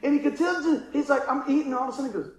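High-voiced laughing pastor, echoey room. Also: male voice, very fast, a crowd in the background. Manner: chuckling, animated storyteller acting out the people he quotes. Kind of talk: storytelling sermon.

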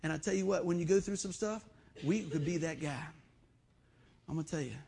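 A middle-aged man preaching a sermon as pastor, in a folksy, animated storytelling way. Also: fairly high pitch, brisk, gravelly, husky.

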